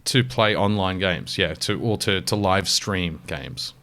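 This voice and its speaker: A man's voice: low voice, lively intonation, unhurried, fairly bright tone. A man with an Australian accent co-hosting a podcast, rambling enthusiastically and swearing casually as he chats. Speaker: podcast co-host. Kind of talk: casual chat.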